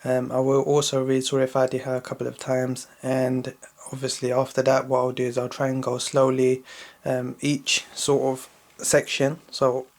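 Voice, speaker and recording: A man teaching children to recite a Quran chapter, explaining letter sounds slowly and often checking in with "yeah?". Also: creaky. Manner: slow, repetitive explaining with frequent checking "yeah?"; intones Arabic verses louder and higher when reciting. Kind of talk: patient recitation lesson for children.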